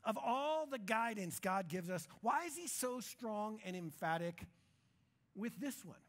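Animated, high-voiced male pastor. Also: unhurried. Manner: conversational, animated, jokey preaching. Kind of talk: sermon. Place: church.

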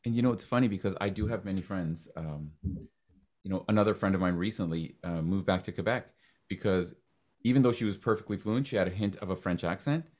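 A man from Canada hosting a podcast, talking in an animated, joking way with quick restarts. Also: sits low. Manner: animated, talks fast with restarts and jokes. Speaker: podcast host. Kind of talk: casual interview chat.

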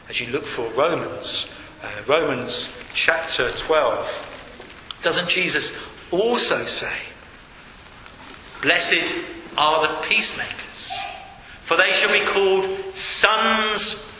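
A man preaches to his church in a high, very bright voice, earnest and steady as he reads scripture aloud. His words ring out through a large church hall with a long, echoing reverb and a faint ambient hum behind him. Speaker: pastor. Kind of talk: sermon.

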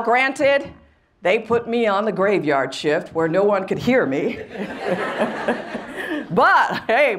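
A middle-aged woman from rural Missouri giving a motivational talk to students, telling her story with animation and voicing the people in it. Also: high-pitched. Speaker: guest speaker. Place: college event with audience.

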